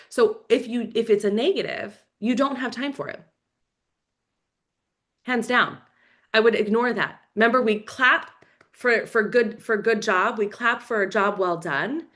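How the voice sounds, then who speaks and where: A woman's voice: mid-range voice, fairly bright tone. A woman leading a motivational team training, coaching energetically and acting out cheerful phone calls. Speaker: team leader.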